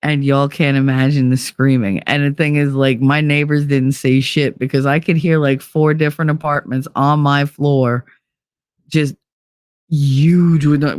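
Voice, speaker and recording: A woman's voice: sits low, no room sound, studio quality. A woman hosting a podcast, talking casually and candidly in a monologue with plenty of swearing. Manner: candid, animated, swears freely. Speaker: podcast host.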